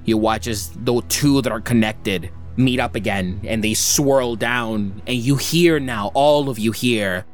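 A man running a tabletop game, describing each scene at a slow and deliberate pace. His speech is mid-pitched and full of loose "sort of"s, with faint music playing behind him. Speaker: game master.

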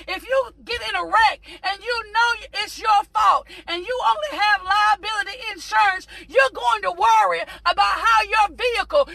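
A preacher delivering a mock sermon, shouting in a rhythmic, repetitive cadence and breaking into whooping cries. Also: very high voice, vocal fry.

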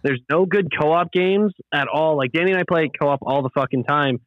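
A man's voice: on the high side, normal speed, dry recording. Laid-back rambling young man. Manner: laid-back, rambling, heavy on fillers and swearing. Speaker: podcast host. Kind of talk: casual chat. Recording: muffled lo-fi audio.

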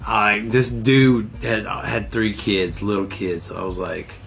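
A man's voice: fairly low pitch, steady tone, slow pace, creaky, a bit bright, soft background music. A man in casual chat, telling crude stories with lots of swearing and laughter. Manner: profane, laughing storyteller.

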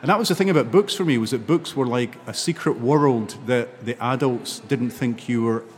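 A man's voice: medium pitch, moderate pace, slight background noise. Scottish older man with a hall echo. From Scotland. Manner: animated, laughing storyteller. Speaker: novelist guest. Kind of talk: interview conversation.

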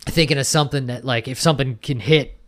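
A man's voice: mid-range voice, fast talker, fairly bright tone. Rambling, laid-back podcast guy. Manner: rambling, lots of fillers and swearing. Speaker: podcast co-host. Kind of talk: casual chat.

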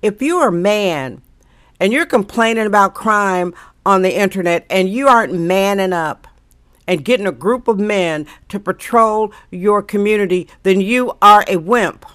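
A woman's voice: medium pitch, unhurried, a bit bright, clear, resonant tone, dry recording, clean studio sound. Blunt, ranting middle-aged woman host. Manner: blunt, ranting, sarcastic asides. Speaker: daily show host. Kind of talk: casual opinionated monologue.

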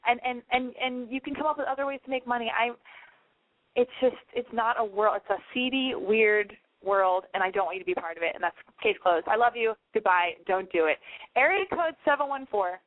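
A woman's voice: fairly high pitch, fairly even intonation, fairly quick, no room sound. Chatty woman radio host on a thin line. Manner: chatty, rambling, blunt. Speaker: call-in show host. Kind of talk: casual call-in advice and banter. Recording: tinny phone-like line, dry.

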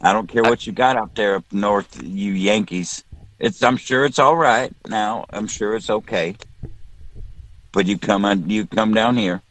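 A man's voice: fairly low pitch, measured pace, fairly bright tone, low-quality recording. A man from South Texas, a guest on a casual podcast call, chatty and joking, often restarting his sentences.

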